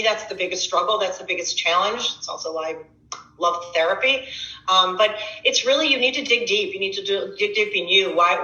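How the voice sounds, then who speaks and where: A woman's voice: mid-range voice, sharp tone, roomy sound, poor audio. A middle-aged woman fitness coach giving a casual motivational workshop talk, conversational and repetitive, often restarting her words.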